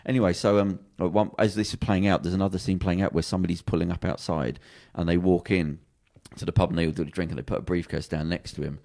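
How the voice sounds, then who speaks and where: A man, a podcast co-host retelling a TV plot in casual chat, rambling and animated, acting out quotes as he goes. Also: low voice, fast, gravelly, hardly any pauses. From England. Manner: rambling, animated storytelling with acted quotes and restarts.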